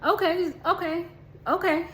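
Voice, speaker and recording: A woman's voice: extremely high pitch, fairly even intonation, measured pace, slight background noise, pitched above the performer's own voice. A woman voicing a tough, tattooed female drill sergeant who barks orders bluntly. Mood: scolding. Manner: barking orders, then blunt reassurance.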